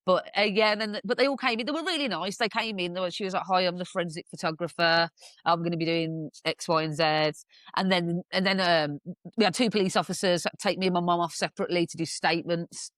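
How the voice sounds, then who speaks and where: Frank woman with a low voice. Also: quick pace, dry recording, clean studio sound. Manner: frank storytelling with dark humor, swearing. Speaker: podcast guest. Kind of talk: casual podcast conversation.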